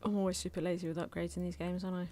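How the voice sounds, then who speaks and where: A woman's voice: fairly low pitch, flat delivery, racing, dark tone. A young woman streaming a game, chatting casually at her microphone and laughing often, while she has hiccups. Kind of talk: casual live-stream chat while gaming. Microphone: desk microphone.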